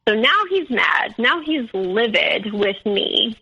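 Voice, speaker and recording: A young woman being interviewed, telling a personal story candidly, with many fillers and animated quotes of others. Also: on the high side, slow pace, breathy edge, muffled recording. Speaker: interview guest.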